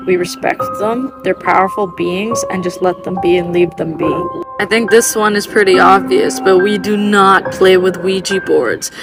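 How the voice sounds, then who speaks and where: Woman, monotone, blunt and sweary advice, clear music bed. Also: mid-range voice, moderate pace. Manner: blunt, swears, repeats warnings. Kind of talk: casual advice to camera.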